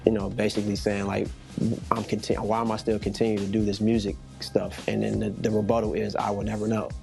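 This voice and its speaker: Low gravelly man, quick and flat. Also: over music.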